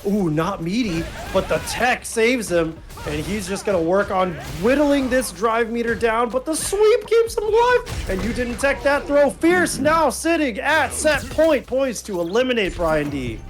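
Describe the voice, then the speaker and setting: A man doing excitable, jokey live commentary on a fighting-game tournament. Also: sits high, measured pace, few pauses. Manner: excitable, hype, jokey banter. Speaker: esports commentator. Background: music.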